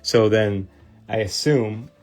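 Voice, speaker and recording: A man with a Midwestern American accent, in his thirties, chats through a casual livestream as he works. His voice sits a little low, and he rambles in a friendly way with plenty of fillers and restarts. Soft music plays quietly behind him. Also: slow pace. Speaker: host of a card cleaning livestream. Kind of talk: casual livestream chat while working.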